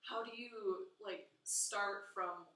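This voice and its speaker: A woman's voice: mid-range voice, slow pace, sharp tone. A young woman student teacher in casual group discussion, chatty with many fillers. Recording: echoey room, far from the mic, faint ambient noise.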